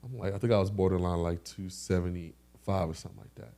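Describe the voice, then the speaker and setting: A young man with a fairly low voice co-hosts a casual podcast. He tells stories with lots of energy and throws in sound effects to act out what happened. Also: quick pace, gravelly. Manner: animated storyteller with sound effects. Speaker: podcast co-host.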